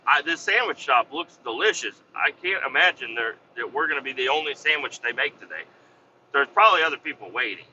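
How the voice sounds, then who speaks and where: Getting more and more worked up, a man who hosts a podcast and runs a business tells a heated story in a casual way, cursing heavily and acting out how he yelled. He speaks briskly and expressively at a medium pitch, on a lo-fi recording with slight background noise.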